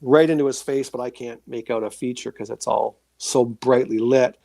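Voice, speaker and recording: Male guest, gravelly, animated storyteller, dry close sound. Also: mid-range voice, normal speed, no room sound. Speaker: guest, author and paranormal experiencer. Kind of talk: storytelling in a casual interview.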